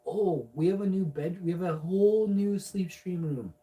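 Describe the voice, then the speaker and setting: A man's voice: sits high, moderate pace, dark tone. Goofy guy streaming, rambly baby talk, mic kinda distant. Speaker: live streamer. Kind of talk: casual livestream chat.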